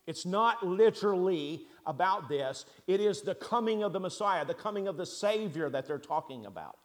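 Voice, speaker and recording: High-voiced preacher man, swinging between loud and soft. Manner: emphatic, rising to loud stresses and dropping to quiet asides; asks the congregation rhetorical questions. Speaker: pastor. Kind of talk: sermon.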